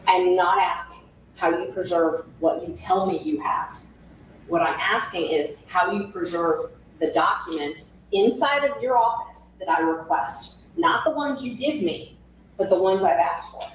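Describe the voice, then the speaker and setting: A woman's voice: on the low side, measured pace. Persistent woman questioning in an echoey courtroom. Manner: persistent, rephrases her questions. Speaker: attorney questioning a witness. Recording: echoey room audio from far off, faint hiss.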